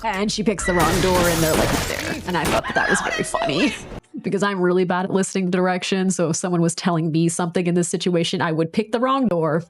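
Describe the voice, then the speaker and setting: A woman's voice: on the low side, fast talker, faint music behind. A woman recapping a horror film in casual chat, joking and swearing freely. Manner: joking, profane and animated.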